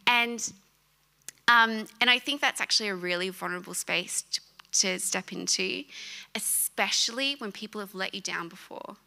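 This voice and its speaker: Bright-voiced woman preaching with laughs. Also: mid-range voice, moderate pace, creaky. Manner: animated storytelling with frequent laughter. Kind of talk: sermon.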